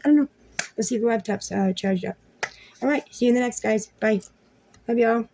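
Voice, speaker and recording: Woman, husky voice, vlogger, heated profane rant, confrontational, talking to camera. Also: a little high, brisk, mellow. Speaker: vlogger, mother. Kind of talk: ranting video monologue.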